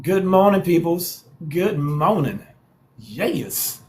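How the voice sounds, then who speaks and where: A man's voice: a little high, animated, takes it slowly, a little mellow. A man hosting a live social stream, hyping viewers with repeated calls to follow and share and playful trash talk.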